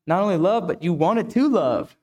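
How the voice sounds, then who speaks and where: Pastor guy preaching, reflective, lots of questions to the room, higher voice. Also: expressive, moderate pace, a little mellow. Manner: reflective, asks the listeners many questions. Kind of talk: sermon.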